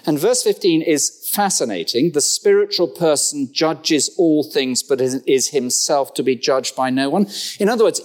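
A middle-aged man preaching from the pulpit. His delivery is conversational and animated, full of rhetorical questions and dry, humorous asides. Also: medium pitch. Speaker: pastor. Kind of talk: sermon.

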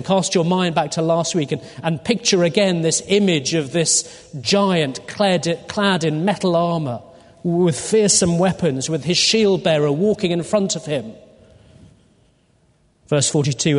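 A man preaching a sermon through a Bible passage, deliberate and full of rhetorical questions to his listeners. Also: on the high side. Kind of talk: expository sermon. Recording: long hall reverb.

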